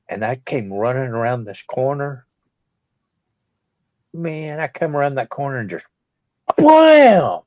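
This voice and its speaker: A man's voice: medium pitch, darkish tone, dry recording. A man telling a rambling, chuckling story during a casual live chat. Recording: dull lo-fi live stream audio.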